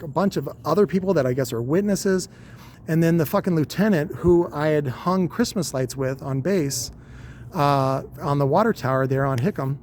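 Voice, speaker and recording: A man's voice: on the high side, a little mellow, a little hiss or hum. A man in his forties casually telling a long, rambling, profane story with wry humor. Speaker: podcast host.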